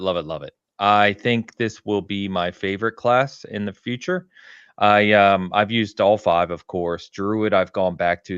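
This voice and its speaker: A man co-hosting a gaming podcast in casual chat, enthusiastic and quick to laugh, with plenty of fillers. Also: low voice, fairly bright tone, clear, resonant tone, no echo, muffled recording. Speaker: podcast co-host.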